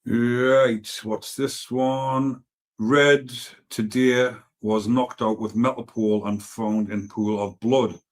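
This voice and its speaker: A man's voice: medium pitch, fairly even intonation, takes it slowly. A man with a Geordie accent hosting a casual live stream, reading viewer comments and talking bluntly, with frequent swearing and rambling asides. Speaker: livestream host reading comments.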